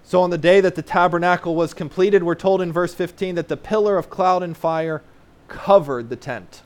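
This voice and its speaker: Male pastor, sermon delivery, slightly high voice, earnest teacher, lots of "uh" and "right?". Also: normal speed. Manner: explains terms plainly for children in the congregation.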